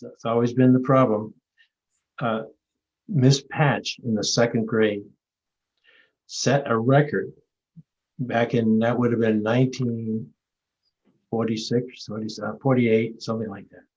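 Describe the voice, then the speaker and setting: Over a video call, a Maine man in his seventies who has received an award heads a session of reflective talk and discussion. He rambles, tells stories, and often starts sentences over, his mid-range, darkish voice captured in a muffled recording.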